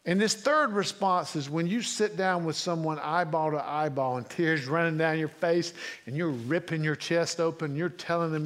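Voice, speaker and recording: A man preaching a sermon in a conversational way, asking the congregation questions and swinging between loud and hushed delivery. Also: on the high side, moderate pace, hardly any pauses. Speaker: pastor.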